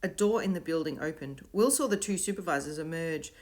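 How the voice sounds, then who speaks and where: A woman narrating a children's storybook in an expressive, varied way. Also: low voice, brisk. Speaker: audiobook reader.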